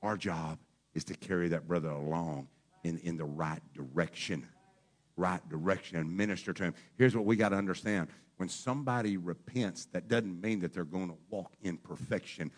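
A man preaching a fervent sermon as pastor, speaking straight to his congregation in folksy phrasing and moving between quiet talk and shouting. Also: low-pitched, moderate pace.

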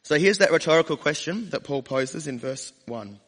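A man's voice: a little high, lively intonation, moderate pace, few pauses, a bit bright, husky, big-room sound. A male pastor preaching a sermon in church, speaking conversationally and asking the congregation rhetorical questions.

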